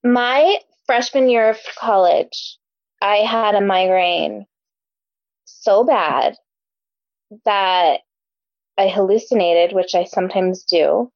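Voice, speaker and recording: A woman's voice: medium pitch, slow, pauses often, no echo, muffled recording. A young adult woman from Omaha, co-hosting a casual book podcast, chatty with many ums. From Omaha, Nebraska. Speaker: podcast co-host. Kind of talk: casual book discussion chat.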